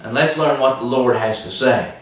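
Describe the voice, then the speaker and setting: A man's voice: medium pitch, normal speed, heavy reverb, far from the mic, rough recording. A man preaching a sermon, emphatic and repetitive, asking the listeners questions. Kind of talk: televised sermon.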